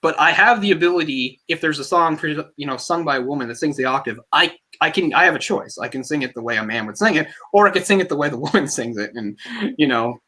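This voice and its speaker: Bright-voiced rambling male podcast host. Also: a little high, quick pace, hardly any pauses. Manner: rambling, animated, heavy use of "like"; tenor speaking voice from a trained singer. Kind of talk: casual film discussion chat.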